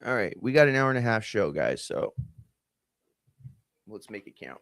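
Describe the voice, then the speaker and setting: A man's voice: on the low side, very animated, moderate pace, fairly bright tone, no room sound. A man hosting a combat sports show, ranting in a heated, profane, rambling way with lots of fillers. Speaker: combat sports podcast host. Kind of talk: casual opinion rant.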